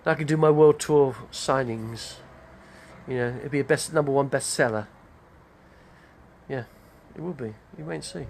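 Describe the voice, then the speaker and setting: A man's voice: mid-range voice, normal speed, vocal fry, long pauses, background noise. An older man, rambling casually on a live stream, chatty and digressive. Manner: chatty, digressive, name-dropping.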